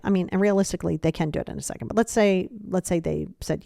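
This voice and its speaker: Animated woman giving advice, dry sound. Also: lowish voice, rapid-fire, creaky, few pauses, no room sound. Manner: animated, acts out example dialogues in quoted voices; repeats phrases for emphasis. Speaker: podcast host. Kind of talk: casual advice talk.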